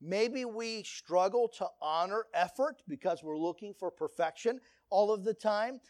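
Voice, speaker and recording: Speaking a little slowly in a high-pitched male voice, a pastor preaches to a congregation with earnest directness. He tells lively stories in a preachy manner to make his case, captured in studio quality with no room sound.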